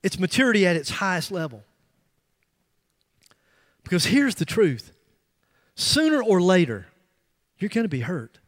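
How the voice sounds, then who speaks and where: A middle-aged man preaching a sermon in a church, telling a story with animated emphasis and frequent restarts. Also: sits high, a little slow, pauses often. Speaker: pastor. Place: church sanctuary. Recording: long reverb of a large hall.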